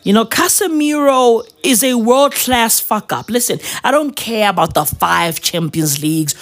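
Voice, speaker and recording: A man's voice: sits high, expressive, a little slow, vocal fry, few pauses, fairly bright tone. A man ranting about his football club in a casual, slangy style, swearing and tagging his lines with "right?" and "bruv". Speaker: football fan vlogger.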